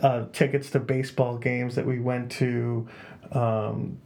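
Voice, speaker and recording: A man hosting a casual home podcast, relaxed and joking, laughing often. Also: medium pitch, a little slow, vocal fry. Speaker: podcast host. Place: home podcast room with blankets on walls.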